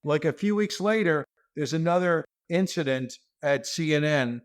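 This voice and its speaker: A man, a stand-up comedian, telling animated, self-deprecating stories as a guest over a video call. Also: a little high, moderate pace. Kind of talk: comic storytelling.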